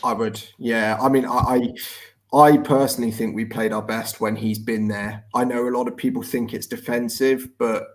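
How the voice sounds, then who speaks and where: A man's voice: medium pitch, level tone, moderate pace. A man co-hosting a casual football chat on a live stream, conversational and often repeating words as he starts a thought.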